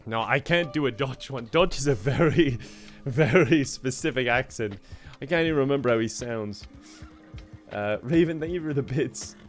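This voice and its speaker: A man's voice: mid-range voice, normal speed, soft background music. Laid-back man chatting on stream. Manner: laughs often, reads out chat donations, rambling. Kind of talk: casual gaming livestream chat.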